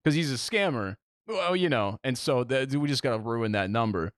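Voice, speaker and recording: A young man co-hosting a podcast, telling a story in casual chat and acting out the quotes with big jumps in pitch. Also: lively intonation, moderate pace, no room sound, studio quality. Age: young adult. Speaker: podcast co-host.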